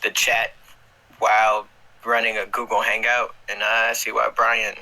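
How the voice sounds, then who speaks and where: Bright, sharp-voiced man cracking crude jokes. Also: lowish voice, monotone, measured pace, poor audio. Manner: crude, joking, swears freely. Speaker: co-host of a live stream. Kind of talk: casual stream chat.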